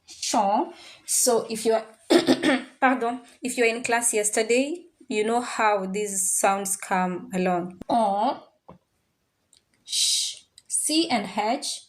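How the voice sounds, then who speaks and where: Slow-speaking woman teaching French. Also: a little high. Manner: drills pronunciations by repeating words slowly. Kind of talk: classroom language lesson. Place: classroom with students.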